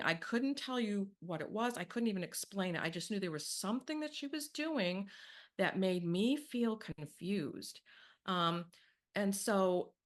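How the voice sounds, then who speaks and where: A woman sharing a personal story in a candid, reflective way, acting out the people she quotes. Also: mid-range voice. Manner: candid, reflective, animated when quoting.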